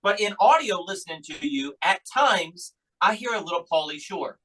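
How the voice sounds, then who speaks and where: A man's voice: sits high, animated, normal speed, pushed and bright, rough recording. A male podcast host asking rambling questions in casual chat. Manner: rambling, restarts his questions.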